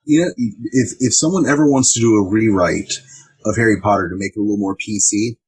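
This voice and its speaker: A man co-hosts a casual podcast, playful and pitching ideas with mock formality. His voice sits low and a little husky, recorded close in a dry room. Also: fast talker, darkish tone, dry recording, low-quality recording. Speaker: podcast co-host. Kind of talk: casual chat.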